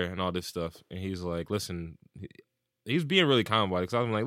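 A man's voice: deep voice, lively intonation, a little fast, a bit bright, no echo, studio quality. A man in casual chat, animatedly retelling stories and acting out what people said, with plenty of swearing.

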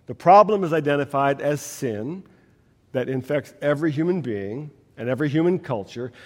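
A man preaching a sermon, telling stories with emphatic, rising delivery. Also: fairly high pitch. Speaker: pastor. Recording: long hall reverb.

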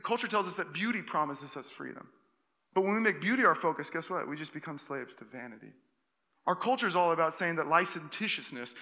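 Young guy pastor preaching, bright edgy voice, lively storytelling, big echoey church hall. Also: a little high. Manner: animated storytelling with frequent restarts and quick asides. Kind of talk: sermon with personal story. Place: church auditorium. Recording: long reverb of a church hall.

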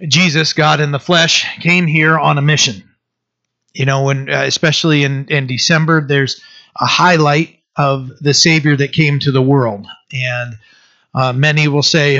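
A man preaching a sermon in a halting way, with many fillers and restarts. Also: a little high, fairly even intonation, pushed and bright, dull audio. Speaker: pastor.

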